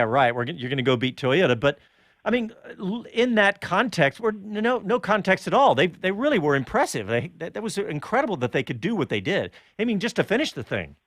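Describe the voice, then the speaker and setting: A chatty male show host leads a casual motorsport conversation with a lively, swooping delivery. His voice sits a bit high, and the recording is dry and close. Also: no room sound. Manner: animated and chatty, laughs often.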